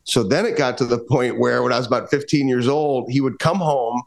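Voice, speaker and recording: A man's voice: medium pitch, fairly quick, creaky. Earnest man telling a personal story. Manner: earnest, emphatic, restarts sentences. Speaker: guest, performance coach.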